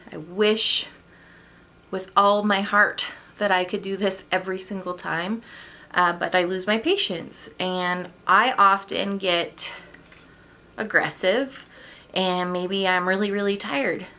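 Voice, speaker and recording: Young woman host, bright clear tone, candid and self-deprecating parenting chat. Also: medium pitch. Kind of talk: casual instructional talk.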